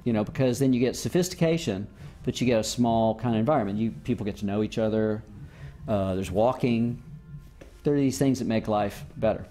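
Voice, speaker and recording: Mellow man telling stories. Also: lowish voice, a little fast, soft background music. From Southern United States. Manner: rambling, loose, lots of "you know" and "like". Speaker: interview guest, former musician. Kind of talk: casual storytelling.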